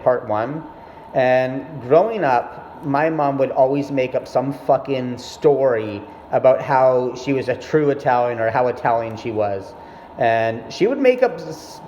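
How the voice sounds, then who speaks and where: In an echoey, dull-sounding room with faint noise, a young male vlogger delivers a casual monologue about his mother. His mid-range, mellow voice is animated yet measured, and the story rambles, swears freely, and keeps interrupting itself.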